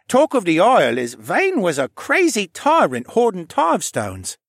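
A man voicing an excitable, cheeky teenage boy in an audiobook. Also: high-pitched, moderate pace, creaky, no room sound, clean studio sound, pitched above the performer's own voice, full character voice. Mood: eager. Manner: excitable, whiny when pinned.

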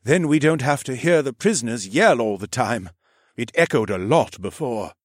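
A man's voice: mid-range voice, animated, normal speed, no echo, studio quality, voice pushed up, lightly acted. A man voicing a stoic, dutiful male guard leader in an audiobook, speaking formally and matter-of-factly. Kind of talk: audiobook character voice.

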